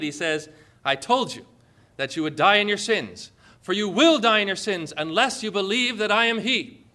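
Bright, high-voiced man preaching boldly. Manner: bold, emphatic preaching with sarcastic asides. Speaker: pastor. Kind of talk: sermon.

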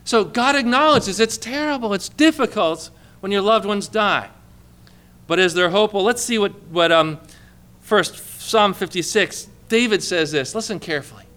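A male pastor preaches to his congregation in a high, bright voice. His delivery is clear and conversational, full of questions to the room and calls for an amen. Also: moderate pace. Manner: conversational preaching with many rhetorical questions, asks for amens. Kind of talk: sermon. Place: church with a congregation.

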